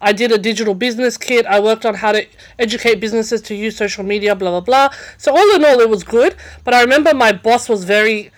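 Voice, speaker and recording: A woman's voice: a little high, quick pace. A young woman, a podcast guest, telling a story in a casual chat, with lots of fillers and restarts. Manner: chatty, many fillers and restarts.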